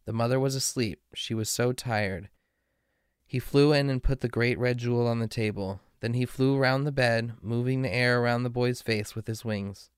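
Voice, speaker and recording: A man reading a fairy tale aloud in a slow, measured way. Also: medium pitch, steady tone, smooth, dry recording, clean studio sound. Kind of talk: storybook reading.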